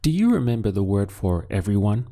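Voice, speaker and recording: A man teaching a Spanish lesson, patiently asking questions and pausing so learners can answer. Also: on the low side, very animated, dark tone. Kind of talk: scripted language lesson.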